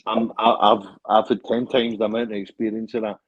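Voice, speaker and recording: A man's voice: fairly low pitch, level tone, fairly quick, breathy edge, no room sound, lo-fi sound. A Scottish man, a fighter being interviewed, talking in a boastful, joking way and swearing a lot. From Scotland. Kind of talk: casual interview chat.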